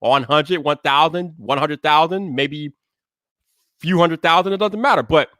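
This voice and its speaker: A man hosting a live stream, greeting viewers by name in relaxed slangy casual chat. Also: on the high side, unhurried, no room sound, studio quality.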